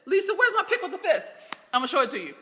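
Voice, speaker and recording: A woman's voice: very high voice, big pitch swings, racing, pushed and bright, long reverb tail. A middle-aged woman hosting a live stream as a business mentor, laughing often and greeting viewers by name from a large room in her home. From Baltimore.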